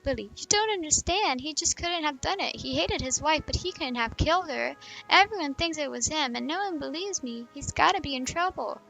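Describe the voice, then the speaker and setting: A woman voicing a frightened young woman pleading for help, breathless and a notch higher than her own voice, in a game read-aloud. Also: animated, fairly quick, vocal fry, pushed and bright, faint music behind, heavily acted.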